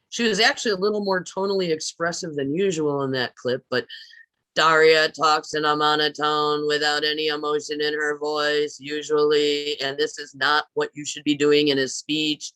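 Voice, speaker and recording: A woman teaching public speaking in a recorded lecture, stressing words deliberately and often asking her listeners questions. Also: low-pitched, fairly bright tone, dry recording. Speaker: speech teacher.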